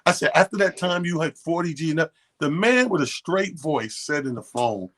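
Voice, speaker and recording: A man's voice: on the high side, lively intonation, normal speed, few pauses, a bit bright. A man co-hosting a radio show, telling a long, profane story in casual chat and acting out both sides of the quotes. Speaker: radio co-host. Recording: radio studio.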